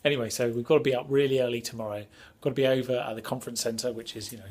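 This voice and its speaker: A man's voice: mid-range voice, fairly even intonation, very fast, darkish tone, husky, rough recording. A young man casually vlogging as he walks, chatty and self-mocking, filmed on a handheld camera. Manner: chatty, self-mocking, walking while filming. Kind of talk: casual vlog commentary. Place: indoors and city streets.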